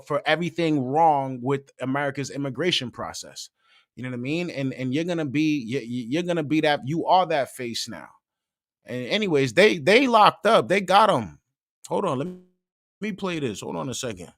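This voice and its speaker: A man's voice: medium pitch, a little fast, dry recording, studio quality. A man hosting a live show, giving casual, slangy commentary and getting worked up as he talks. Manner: animated, slangy, restarts and fillers. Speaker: podcast host.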